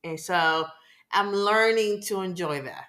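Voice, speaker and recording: A woman co-host talking in a candid casual podcast chat while fighting the hiccups. She apologizes, admits she is self-conscious and laughs at herself. Her pitch sits in a middle range. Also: unhurried, fairly bright tone.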